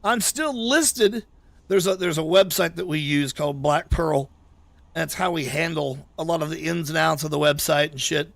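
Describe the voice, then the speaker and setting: High-voiced man telling a heated story. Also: steady tone, moderate pace, vocal fry, a bit bright, dry recording. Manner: heated, swears a lot, retells quarrels. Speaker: livestreamer. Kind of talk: casual profane storytelling.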